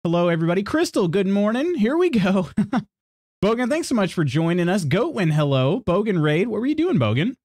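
A man's voice: sits high, sing-song, fairly quick, a little mellow, dry recording, studio quality. A man streaming and chatting casually with his viewers. He rambles, apologizes, restarts sentences and laughs often as he reads chat aloud.

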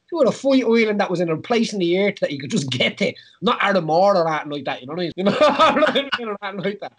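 A man's voice: sits high, sing-song, fast, fairly bright tone, breathy edge. An Irish man hosting a podcast in casual chat, rambling with many fillers and frequent laughs. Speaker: podcast host, former fighter.

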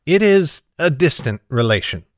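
An earnest, wary young heroine, voiced by a male audiobook narrator. She speaks a touch higher than his plain voice, sincere and a little defensive, recorded dry and close. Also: sing-song, moderate pace, no room sound.

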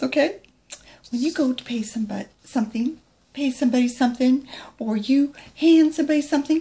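A middle-aged woman, a nail product consultant, giving a chatty product demo and dropping into soft asides. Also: high-pitched.

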